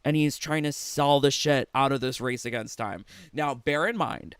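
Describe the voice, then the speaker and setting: Mocking, profane man with a smooth voice. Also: medium pitch, normal speed, dry recording, studio quality. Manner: mocking, laughs often, swears freely. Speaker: gaming commentator reacting to a video. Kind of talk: profane reaction commentary.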